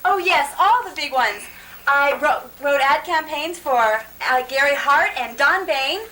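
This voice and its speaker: Woman doing a high bright-voiced social secretary, boastful then unsure, distant mic. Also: animated, measured pace, exaggerated voice. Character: hesitant fast-talking female social secretary. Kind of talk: radio-style comedy drama. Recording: distant mic, faint noise.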